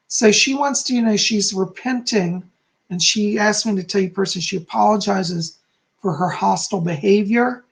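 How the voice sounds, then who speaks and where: A man's voice: sits high, moderate pace, gravelly, fairly bright tone. A man hosting a live stream as a psychic, relaying spirit messages to viewers by name while losing his voice.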